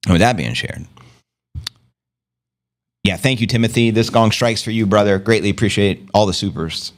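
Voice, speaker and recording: Fairly low in pitch, this livestream host talks at a moderate pace broken by long pauses. Using a streaming setup, he keeps things casual, brash and playful, with lots of profanity and homemade slang.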